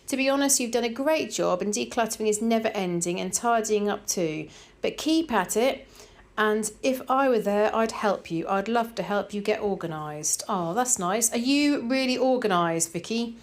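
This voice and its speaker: A woman's voice: mid-range voice, normal speed. Woman, Norfolk accent, middle-aged, casual vlog chat, rambling, filler words. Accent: Norfolk English. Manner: chatty and rambling, with frequent "like" and "um". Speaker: decluttering vlogger reading viewer comments. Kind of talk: casual chat, reading comments aloud.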